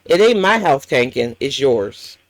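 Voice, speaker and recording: A woman's voice: very deep voice, big pitch swings, unhurried, no echo. A woman hosting a reaction commentary, ranting bluntly and swearing often. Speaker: commentary channel host.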